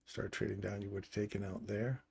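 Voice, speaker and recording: Low-voiced man explaining trading charts. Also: little pitch movement, brisk, creaky, darkish tone, husky. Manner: casual, explanatory, pointing at chart levels. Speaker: trading stream host. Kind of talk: live trading chart walkthrough.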